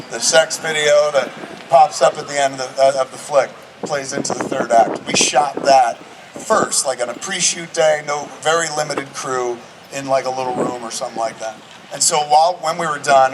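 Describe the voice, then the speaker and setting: A man in his forties telling rambling, profane anecdotes to a live screening audience. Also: medium pitch. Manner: rambling, profane, animated storyteller. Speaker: filmmaker guest at a screening Q&A. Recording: distant mic with audience noise.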